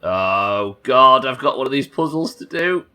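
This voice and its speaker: A man's voice: medium pitch, expressive, unhurried, sharp tone, smooth. A man streaming a game live, chatting with viewers in a wry, sweary, bantering way. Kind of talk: live gameplay commentary.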